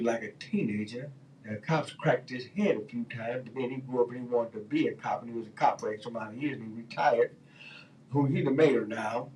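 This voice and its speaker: A man's voice: mid-range voice, a little mellow, distant mic, a little hiss or hum, poor audio. A man hosting a radio talk show, ranting in loose, heated slang with lots of fillers. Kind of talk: casual opinion talk.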